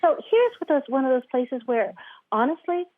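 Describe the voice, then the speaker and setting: Give me a woman from Guam, a therapist, animated storyteller, over a tinny phone line. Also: sits high, a little fast, a crowd in the background. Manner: animated, acts out quoted voices, laughs often. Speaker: guest, eating disorder therapist. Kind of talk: storytelling in a podcast interview.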